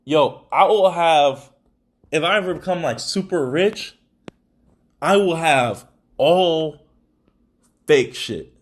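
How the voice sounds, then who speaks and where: A man's voice: a little high, takes it slowly, long pauses. A young adult man hosting a podcast, talking in casual, rambling chat full of slang and swearing. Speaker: podcast host.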